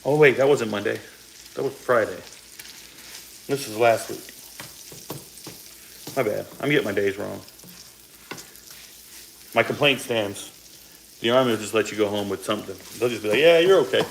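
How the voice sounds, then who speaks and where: A man's voice: lowish voice, fairly even intonation, moderate pace, creaky, pauses often, a little hiss or hum, poor audio. Chatty fortyish man with a cough. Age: 40s. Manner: chatty, rambling asides while cooking. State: slight cough from a sore throat. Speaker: cooking vlogger. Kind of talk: casual cooking chat to viewers. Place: home kitchen, cooking at the stove. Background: faint sizzle of frying food.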